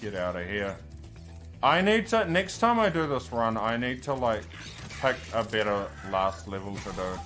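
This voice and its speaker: A man commenting on his own speedrun as he plays, talking to himself, often frustrated, swearing and shouting at enemies. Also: on the low side, very animated, normal speed, faint music behind. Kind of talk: live gameplay commentary.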